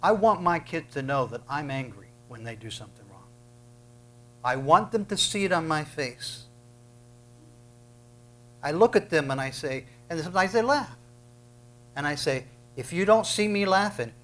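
A man delivers a sermon in a voice pitched somewhat high for a man. He drives home each command with emphasis and often stumbles over repeated words at the start of a thought. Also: poor audio. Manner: emphatic, bursts loud on commands. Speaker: preacher.

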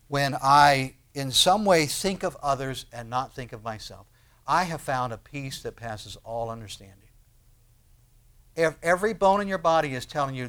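Animated man preaching a sermon. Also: fairly high pitch, clear, resonant tone. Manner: animated, conversational preaching with acted-out prayers and rhetorical questions. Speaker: pastor.

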